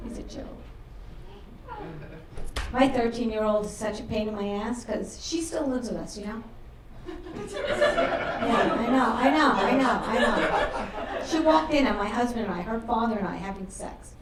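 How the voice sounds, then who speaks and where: A middle-aged woman performing a crude stand-up comedy set on a club stage, delivering brash deadpan punchlines. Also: on the high side, a little slow, long pauses, distant mic, a loud crowd. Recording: roomy club sound from afar, audience laughter.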